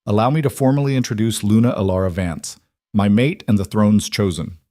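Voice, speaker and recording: A man voicing a commanding male wolf king who speaks flatly and curtly. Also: fairly low pitch, a little fast, dry recording, studio quality, close to an everyday voice. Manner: flat, curt.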